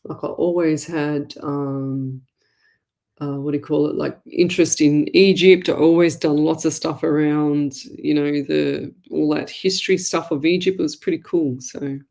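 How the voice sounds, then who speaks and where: A woman hosts a live call-in show as a psychic medium. She talks in a loose, chatty, rambling way and addresses listeners warmly as "lovey". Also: deep voice, steady tone, moderate pace, vocal fry. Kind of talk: live online call-in readings.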